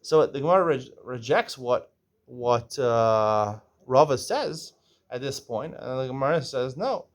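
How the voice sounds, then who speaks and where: A man with a mid-range voice teaches a relaxed Talmud lesson. He reads Aramaic phrases aloud, translates them, and walks through each step of the argument, often checking in with a quick "right?". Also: medium pitch.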